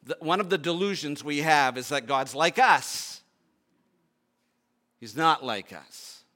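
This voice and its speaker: A man preaching a sermon, reading scripture aloud and then expounding it with rhetorical questions, swinging from loud emphatic bursts to low, hushed pleading. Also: takes it slowly.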